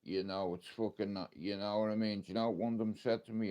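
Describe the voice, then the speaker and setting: Casual Irish male streamer, low-ish pitch, emotional and blunt, swears freely. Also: fairly even intonation, brisk, warm tone. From Ireland. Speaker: livestreamer. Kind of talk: casual live stream talk.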